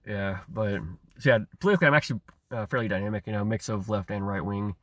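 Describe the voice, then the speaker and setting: Bright-voiced man on a stammering, profane rant. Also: lowish voice, quick pace, no echo, clean studio sound. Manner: laughs between phrases. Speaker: online commentator. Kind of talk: ranting monologue.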